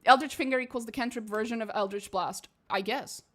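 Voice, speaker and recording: A woman's voice: a little high, a little fast, a bit bright. A young woman from Portugal with a shifting accent, mostly British or American with a slight Portuguese edge, giving blunt, profane, laughing commentary while streaming a game. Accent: shifting, mostly posh British or American, slight Portuguese.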